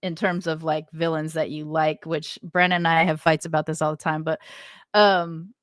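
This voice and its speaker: A woman's voice: low voice, flat delivery, moderate pace, no echo, clean studio sound. A woman co-hosting a podcast, talking in a thoughtful, rambling way and laughing often. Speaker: podcast co-host. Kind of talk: casual chat.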